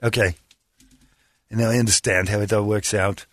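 A man's voice: fairly low pitch, steady tone, normal speed, fairly bright tone, slight background noise. A man hosting casual morning radio banter, joking, rambling and laughing often. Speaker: radio host.

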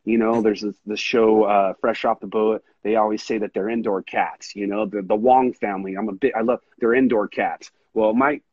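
A man hosting a casual podcast talks in a long, earnest ramble and keeps calling his friend dude. His voice is husky, a little breathy at the edges. The recording sounds dull and dry, with little room around it. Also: lowish voice, steady tone, moderate pace, hardly any pauses, a little mellow, no room sound. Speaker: podcast host. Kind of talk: casual chat.

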